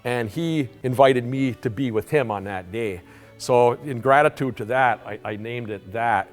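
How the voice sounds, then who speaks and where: A man giving a conference talk, telling a story in an animated way, halting often with restarts and repeated words. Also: medium pitch. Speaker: conference presenter. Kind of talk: storytelling lecture. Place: conference hall. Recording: long hall reverb, faint music.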